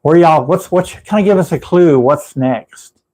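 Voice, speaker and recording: Chatty Texan guy, high voice, rambling livestream host talking from his room. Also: measured pace, a little mellow, rough recording. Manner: rambling, chatty, laughs at his own stories. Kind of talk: casual live chat with viewers.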